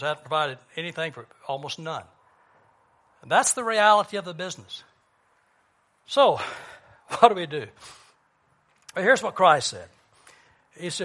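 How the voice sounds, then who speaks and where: Bright-voiced emphatic male preacher. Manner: emphatic, swings from loud urging to low hushed storytelling. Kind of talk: sermon.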